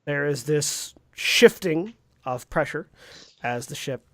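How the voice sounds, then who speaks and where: A man narrating a tabletop role-playing game as game master, pausing often and searching for words with many fillers. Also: a little high, lively intonation.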